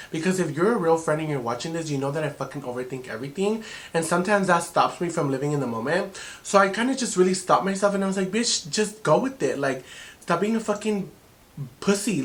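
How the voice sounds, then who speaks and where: Young male vlogger, animated storytime, profane, code-switches to Spanish. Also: fairly high pitch. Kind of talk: storytime vlog.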